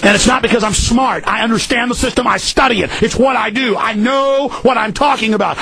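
A hoarse man hosting a talk radio show, ranting and pleading, shouting often with his voice breaking high. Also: a little fast, hardly any pauses, no echo, low-quality recording. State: hoarse from screaming. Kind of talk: impassioned talk radio rant.

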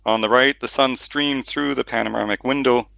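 A man narrating an audiobook in steady storytelling, with the odd reading slip. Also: medium pitch, normal speed, gravelly, no echo. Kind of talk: scripted narration.

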